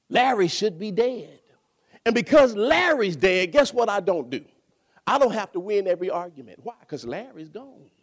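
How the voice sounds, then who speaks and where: A man preaching a sermon, animated, asking and answering his own questions and bursting into shouts. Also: very high-pitched, creaky.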